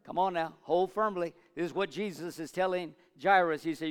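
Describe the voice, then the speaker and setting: A male preacher delivering a sermon, swinging between loud urging and low asides and calling for amens from the congregation. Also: normal speed, smooth. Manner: call-and-response with congregation. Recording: long reverb of a large hall.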